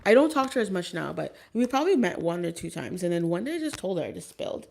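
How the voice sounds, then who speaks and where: A woman's voice: fairly low pitch, very animated, quick pace, gravelly, a little mellow. Woman vlogging, casual storytelling, lots of likes and ums, chatting with viewers as she goes. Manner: rambling, many fillers and restarts.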